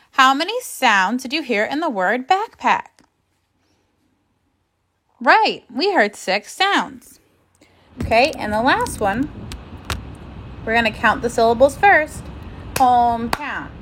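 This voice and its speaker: A woman teaching a phonics and grammar lesson to young children, speaking slowly and carefully in an encouraging classroom manner. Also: fairly high pitch, sing-song, a bit bright.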